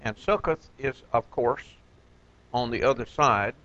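A man's voice: medium pitch, measured pace, a bit bright. A man teaching an informal Bible study, talking conversationally with many fillers and questions to his listeners. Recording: dull lo-fi recording.

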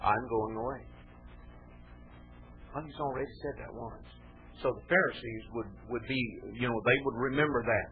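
A man's voice: mid-range voice, fairly even intonation, moderate pace, long pauses. A man giving a conversational, verse-by-verse Bible teaching, emphatic and repeating his key phrases. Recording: tinny phone-like audio.

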